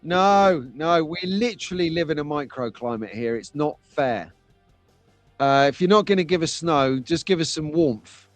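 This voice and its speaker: A man's voice: on the high side, expressive, normal speed, no echo, faint music behind. Chatty man hosting a live stream. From England. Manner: chatty, jokey, reads out chat comments. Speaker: host of a live slot car stream. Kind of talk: casual live-stream chat. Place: home.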